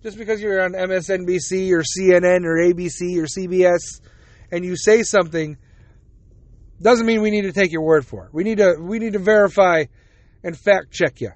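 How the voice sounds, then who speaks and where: A man's voice: high-pitched, moderate pace, dry recording. Blunt, sarcastic man ranting on a podcast. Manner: blunt, sarcastic, mocks opponents in put-on quotes. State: yawning, drowsy. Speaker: podcast host. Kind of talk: casual solo podcast rant.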